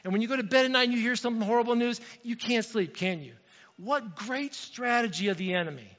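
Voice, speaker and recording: Pastor guy preaching, chatty, high voice, dull echoey church recording. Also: fast talker, fairly bright tone. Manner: conversational, addresses the congregation directly. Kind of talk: sermon.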